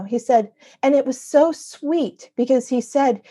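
A middle-aged woman, a guest author, telling a story in conversation and acting out her own remarks in expressive voices. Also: high-pitched, a little slow, husky.

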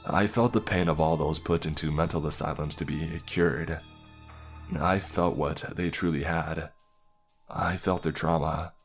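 A man narrating a creepypasta in a steady scripted storytelling voice. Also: extremely low pitch, unhurried, soft background music.

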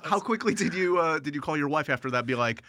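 Lively, bright-toned male podcast host. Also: on the high side, no echo, clean studio sound. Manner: playful, quick jokes, lots of laughing. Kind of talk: casual interview chat.

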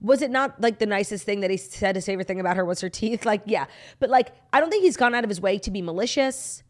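A woman co-host chats in quick, animated bursts and leans hard on key words. Her pitch sits mid-range and her pace runs fast. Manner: animated, emphatic, quick asides. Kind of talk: casual chat about reality TV.

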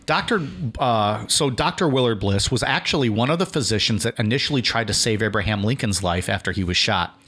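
A man's voice: lowish voice, lively intonation, fairly quick, a bit bright, breathy edge. A man hosting a podcast, reading a history outline and breaking into loose, casual asides. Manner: reads notes, then drifts into filler-heavy "like" chatter. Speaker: podcast host and narrator.

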